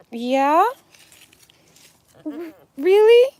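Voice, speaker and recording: A woman's voice: a little high, very animated, takes it slowly, pauses often, fairly bright tone, dry recording. A woman live-streaming with her rescued animals, chatting casually and cooing baby talk at them.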